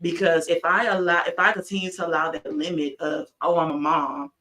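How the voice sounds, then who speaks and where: Bright, animated woman chatting candidly. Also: fairly quick. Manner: animated storytelling with many restarts, jumps high when excited. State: short of breath from throat trouble. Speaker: podcast co-host. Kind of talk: candid casual chat.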